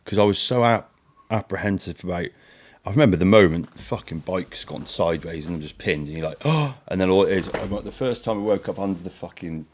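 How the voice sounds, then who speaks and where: A man's voice: sits low, quick pace. A man hosting a casual chat, speaking bluntly and swearing freely. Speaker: host.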